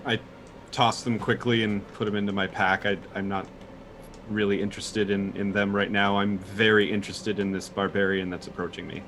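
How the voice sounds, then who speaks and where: A man's voice: lowish voice, little pitch movement, normal speed, a bit bright, slight background noise. A man playing a tabletop game, describing his character's actions in a plain, level way. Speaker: player.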